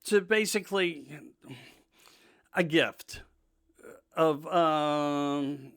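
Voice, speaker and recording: A man's voice: a little high, very slow, vocal fry, fairly bright tone, clean tone. A male host giving an emphatic, indignant political monologue, repeating himself for emphasis. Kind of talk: political talk show monologue.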